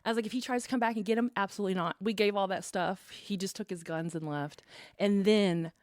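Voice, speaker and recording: A woman's voice: mid-range voice, steady tone, quick pace, a little mellow, no room sound, studio quality. A woman guest on a podcast, telling her own story in casual chat and acting out what others said. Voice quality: acts out quoted dialogue. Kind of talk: animated personal storytelling.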